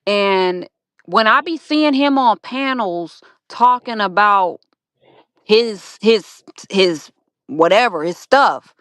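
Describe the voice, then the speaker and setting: A woman's voice: medium pitch, expressive, slow pace, a bit bright, no room sound, clean studio sound. A woman co-hosting a casual gossip chat, rambling and restarting her sentences.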